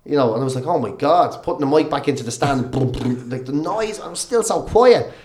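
Speaking quickly in a mid-range voice, an Irish comedian and radio presenter tells animated, cursing-peppered stories with plenty of laughter. It's a casual podcast conversation, and the sound is roomy.

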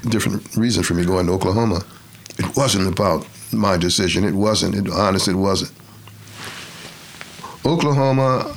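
Older man, retired professor, life story, lowish voice, measured, reflective. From Detroit, USA. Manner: measured, reflective storyteller who acts out quotes. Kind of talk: storytelling interview.

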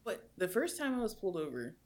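A young woman co-hosting a podcast, telling a story in casual chat with animated swings in pitch. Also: fast talker. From United States. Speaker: podcast co-host.

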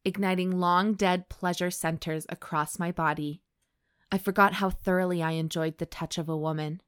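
A woman hosting a comedy podcast, reading an erotic story aloud in a deadpan voice between jokes. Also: on the low side, clear, resonant tone, dry recording, studio quality. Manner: deadpan reading broken by laughing asides. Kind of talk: dramatic reading with comic banter.

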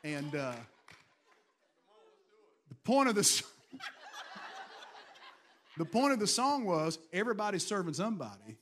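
A man's voice: sits high, sing-song, normal speed, pauses often, fairly bright tone, slight background noise. A man, a pastor preaching a storytelling sermon to his congregation with bursts of raised emphasis. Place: church in front of a congregation.

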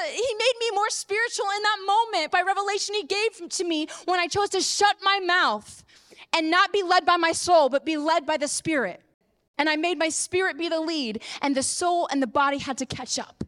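A woman preacher giving an earnest sermon and personal testimony, moving from hushed to impassioned. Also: very high-pitched. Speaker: apostle and preacher.

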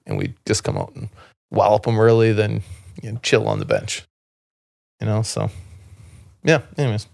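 A man from Canada with a lowish, gravelly voice rambles through a long story on a podcast. His talk is loose and full of fillers and restarts. The recording is close and dry, with no room sound. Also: expressive, fairly quick, pauses often, darkish tone, no room sound. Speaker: podcast guest, former basketball player. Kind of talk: casual storytelling conversation.

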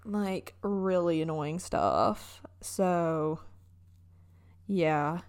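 Young woman, Southern US accent, casual vlog chat, unhurried, chatty with fillers. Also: fairly low pitch, clear, resonant tone. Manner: chatty, animated storytelling with lots of fillers.

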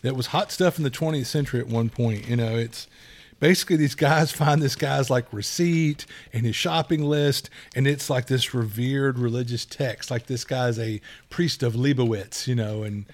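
A man's voice: medium pitch, moderate pace. A middle-aged man co-hosts a casual podcast in an ordinary mid-range voice. He rambles through anecdotes and slips into quoted dialogue as he goes. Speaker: podcast co-host.

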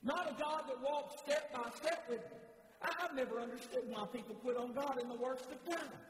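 A man's voice: very high voice, normal speed. A man preaching a sermon in a church, fervent and repetitive, often stammering and restarting his words. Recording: echoey hall with faint noise.

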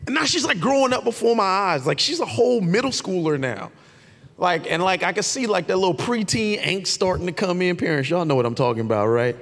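A pastor gives a lively sermon in a high, very animated voice. He talks casually and shouts his key points out. His voice rings with the long reverb of a large church hall. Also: brisk. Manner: animated and conversational, with shouted emphasis.

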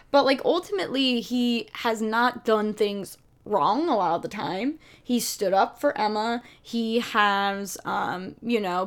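A woman co-hosting a casual TV recap podcast, animated and filler-heavy, acting out quotes from the show. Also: mid-range voice. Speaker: podcast co-host. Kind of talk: casual chat.

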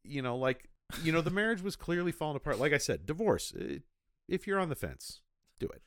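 A man's voice: a little high, sing-song, a little fast. A man co-hosting a casual movie podcast, wandering into long, joking tangents. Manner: rambling, tangent-prone storyteller. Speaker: podcast co-host. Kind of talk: casual chat.

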